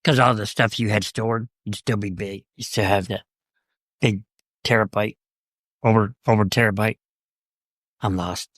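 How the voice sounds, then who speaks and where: A man's voice: fairly low pitch, fairly even intonation, normal speed, long pauses, no room sound, clean studio sound. Playful, joking male podcast co-host. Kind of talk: casual chat.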